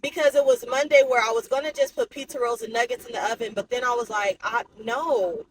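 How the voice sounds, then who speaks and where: A woman's voice: a little high, fairly even intonation, fast, noisy background. A young woman vlogger talking candidly to her viewers in a chatty, casual way. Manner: chatty, candid, addresses viewers as y'all and baby. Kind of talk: casual talk to camera.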